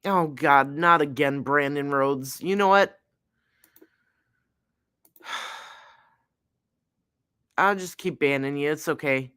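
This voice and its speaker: A woman hosting a true crime livestream, talking her viewers through a trial in an easygoing, chatty way. She speaks slowly with a slightly low voice and often turns to address the audience directly. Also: fairly bright tone, clean tone. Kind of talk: live-stream trial recap.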